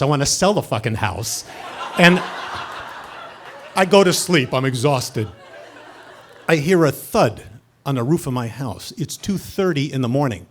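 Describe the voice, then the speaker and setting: Male storyteller, animated comic delivery, voice sits a bit high, shifts from hush to loud. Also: a little hiss or hum. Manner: animated, swings from hushed to loud.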